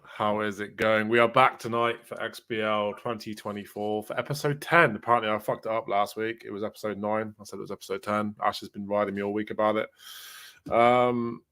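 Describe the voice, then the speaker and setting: A man's voice: on the low side, steady tone, a little fast, pushed and bright. A man hosting a gaming podcast, joking crudely and bantering with his panel. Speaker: podcast host. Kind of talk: casual chat.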